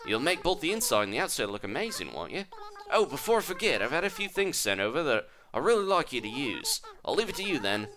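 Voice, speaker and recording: A man voicing a polite, fancy female kangaroo in a game, attempting an Australian accent over soft game music. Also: a little high, sing-song, racing, few pauses, a little hiss or hum, voice pushed up. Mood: delighted.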